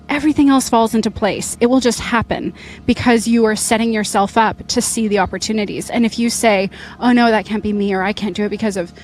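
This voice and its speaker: A young woman, a rally competitor, speaking in a casual interview with an upbeat, chatty manner and lots of fillers. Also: a little high. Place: outdoors at an event finish line.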